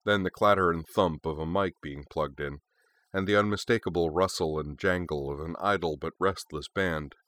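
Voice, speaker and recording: A man narrating a story in a steady, measured way. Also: low voice, no room sound. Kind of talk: story reading.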